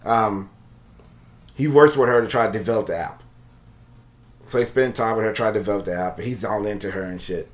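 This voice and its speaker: A man's voice: lowish voice, fairly quick, long pauses. A man casually recapping a movie on a podcast, rambling, laughing often and swearing freely. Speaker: podcast co-host reviewing a movie. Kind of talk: casual chat.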